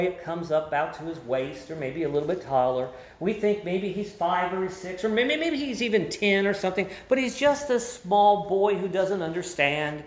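A pastor delivers a sermon from the pulpit, stressing key words with a deliberate, teaching cadence. The voice sits at a middle pitch, and the sound carries a roomy echo, as in a church hall.

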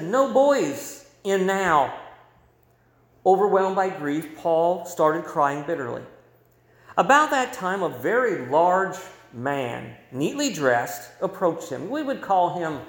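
A male pastor preaching a sermon in a church, telling a story and moving between loud and hushed delivery. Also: on the high side, big pitch swings, unhurried, creaky. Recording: roomy echo.

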